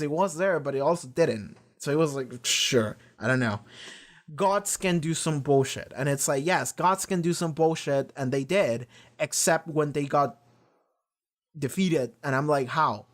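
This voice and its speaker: A man's voice: fairly high pitch, lively intonation, moderate pace. A man hosting a reaction video, chatting casually and rambling with frequent swearing and restarts. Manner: rambling, profane, lots of restarts. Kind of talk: casual rambling episode discussion.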